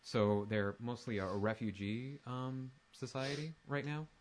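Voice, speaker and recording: A man's voice: mid-range voice, little pitch movement, a little slow, slight background noise. A man narrating as dungeon master, rambling with lots of fillers and restarts. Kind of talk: tabletop game narration.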